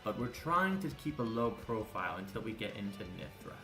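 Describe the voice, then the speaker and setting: A man's voice: lowish voice, big pitch swings, fairly quick, fairly bright tone, soft background music. A man narrating as game master, rambling with many fillers. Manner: rambling, filler-heavy, laughs often. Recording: echoey room.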